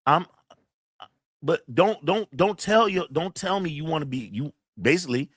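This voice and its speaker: A man's voice: fairly high pitch, animated, normal speed, a bit bright, breathy edge, dry recording, studio quality. A man hosting his channel, venting to camera in a blunt, profane, emotional way while near tears and reading out chat messages. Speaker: channel host. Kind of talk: casual livestream venting to camera.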